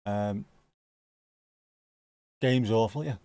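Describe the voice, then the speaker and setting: A man in easy, sweary live match commentary, talking loosely to his viewers between plays. His voice sits at a middling pitch. The sound is dry and close. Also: a little fast, a little mellow, no echo. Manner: chatty, sweary, laid-back. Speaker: streamer hosting a football watchalong.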